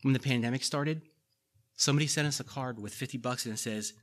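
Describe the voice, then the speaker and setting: A man's voice: medium pitch, fast talker. A middle-aged man preaching a sermon in a conversational way, repeating key lines and making folksy asides to the congregation. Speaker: pastor.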